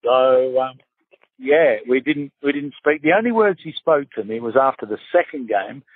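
A man's voice: mid-range voice, moderate pace, dry recording. An Australian man in his fifties, a former footballer telling stories in an interview and acting out the voices in them. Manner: lively storyteller acting out quotes. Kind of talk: casual storytelling interview. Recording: tinny phone-like dry sound.

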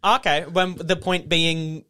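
A man's voice: fairly high pitch, fairly even intonation, slow, sharp tone, smooth. An Australian man co-hosting a comedy podcast, trading dry quips and wordplay. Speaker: podcast co-host. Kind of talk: improv comedy podcast chat.

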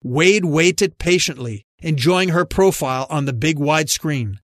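A man's voice: on the high side, measured pace, no room sound. Dry-voiced male audiobook narrator. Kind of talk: scripted narration.

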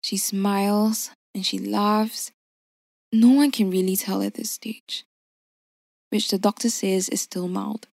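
A woman voicing a gruff but patient older father in a narrated story, in low, measured tones. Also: fairly even intonation, a little mellow, no echo, studio quality. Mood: low, confiding.

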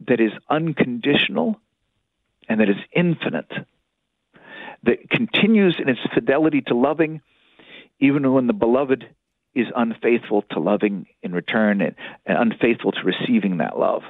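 Earnest priest preaching on a phone line. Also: male voice, mid-range voice, animated, normal speed, no echo. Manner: earnest preaching, voices inner thoughts, repeats for emphasis. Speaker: priest, spiritual director. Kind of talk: catholic radio talk.

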